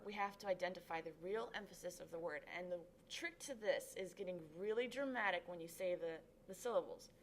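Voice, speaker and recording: An upbeat woman tutor talks a class through a lesson step by step. She stretches out syllables dramatically to show where the stress falls. A faint background noise sits under her voice. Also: mid-range voice. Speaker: Spanish tutor.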